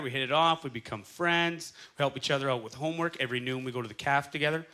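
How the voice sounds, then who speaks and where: Bright, high-voiced man doing stand-up. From Canada. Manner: animated storytelling with quick acted-out quotes. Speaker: stand-up comedian. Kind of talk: stand-up comedy set. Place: comedy club stage. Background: faint audience laughter.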